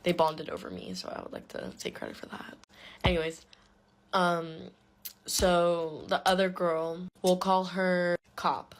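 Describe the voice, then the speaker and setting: A woman's voice: lowish voice, level tone, measured pace. A young woman telling a school story in a casual, chatty way, blunt and full of swearing and filler words.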